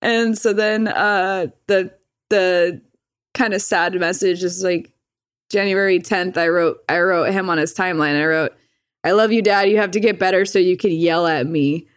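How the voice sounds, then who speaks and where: A woman's voice: on the low side, fairly even intonation, moderate pace, clear, resonant tone. A woman chatting casually, telling a story, swearing freely, laughing often and acting out the lines she quotes. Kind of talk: casual chat.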